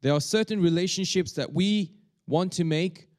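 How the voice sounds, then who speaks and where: Man, pastor, sermon, halting, lots of restarts, fairly high voice. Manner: halting, many restarts and fillers.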